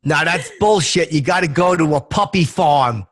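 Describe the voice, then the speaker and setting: A man voicing a crude, dim-witted young bro hosting a comedy podcast, talking with deadpan, clueless bravado. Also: on the high side, moderate pace. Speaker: podcast host. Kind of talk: comedic character podcast chat.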